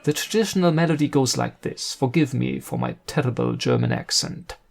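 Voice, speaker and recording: Gravelly-voiced man narrating about opera. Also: medium pitch. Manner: earnest, admiring, measured. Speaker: video essayist.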